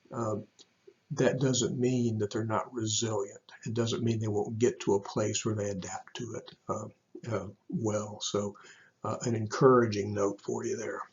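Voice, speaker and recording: Gravelly low-voiced man giving parents advice. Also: dull audio. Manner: rambling, relaxed, many ums and restarts. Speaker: church staff speaker. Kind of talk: advice talk to parents in a video.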